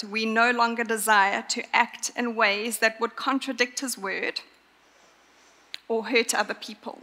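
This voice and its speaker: A woman preaching a sermon in an earnest, emphatic way, pausing to stress her points. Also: a little high, bright, forceful tone. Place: church. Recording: long church reverb.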